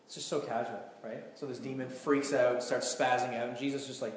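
Preaching in a big, echoey hall, this man speaks at medium pitch and a little quickly. His sermon is conversational yet emphatic, full of animated storytelling, and a bit of hiss or hum runs under the recording.

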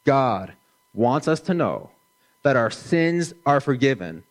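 A middle-aged man preaching a sermon in a slow, gentle, measured way, dropping his voice softly for emphasis. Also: medium pitch, very animated. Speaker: pastor.

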